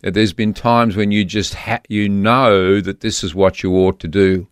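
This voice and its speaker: An Australian man speaks as a guest on a radio interview, earnest and a little halting, often circling back to restart a thought. His voice sits low. The studio sound is close and dry with no room echo. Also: steady tone, smooth. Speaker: guest author.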